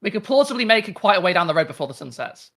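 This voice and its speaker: A man playing in a tabletop game, talking through his party's plans in a quick, scheming way. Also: sits high, big pitch swings, fairly bright tone. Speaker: player.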